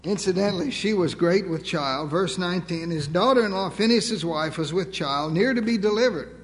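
An older male preacher with a high voice, delivering a folksy sermon full of dry humor and slow, stretched-out emphasis. His words ring out with a long reverb, as if he stands in a large church sanctuary.

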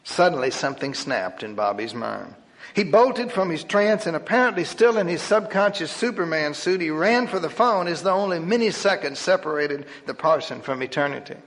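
A man's voice: on the high side, animated, normal speed, a bit bright. Wry male storyteller in echoing hall. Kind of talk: humorous story reading. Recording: long hall reverb.

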